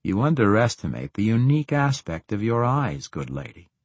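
A man doing a suave, teasing dark elf rogue. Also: lowish voice, moderate pace, no room sound. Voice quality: smooth and flattering. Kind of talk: audiobook character reading.

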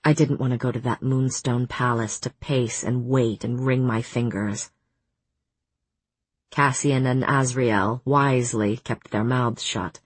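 A woman narrating a fantasy audiobook in the first person with steady, measured storytelling. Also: rumbling low, husky, no room sound.

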